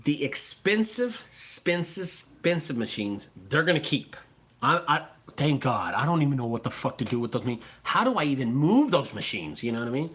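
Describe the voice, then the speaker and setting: Excitable, swearing man with a lively voice. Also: medium pitch, brisk. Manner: excitable, swears freely, repeats words. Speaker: junk removal business owner. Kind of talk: casual profane vlog talk.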